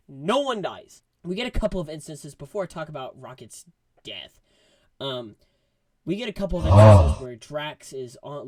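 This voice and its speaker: A man giving a casual movie review, rambling and excitable, full of fillers. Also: a little high, no echo.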